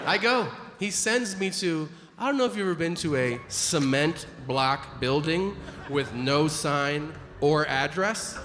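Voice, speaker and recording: A man's voice: a little high, lively intonation, moderate pace, long reverb tail, over music. A man performing a stand-up comedy set, telling a story with profane, incredulous asides and acted-out quotes.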